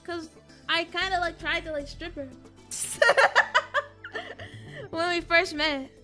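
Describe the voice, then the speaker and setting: A woman's voice: very high-pitched, steady tone, moderate pace, sharp tone, faint music behind. A young woman streaming a game, joking dramatically and reading its text aloud in a casual chat.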